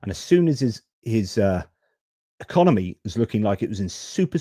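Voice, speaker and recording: A man's voice: fairly low pitch, expressive, moderate pace, warm tone, dry recording, clean studio sound. A man hosting a live-stream news commentary, frank and exasperated, with casual swearing. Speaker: host.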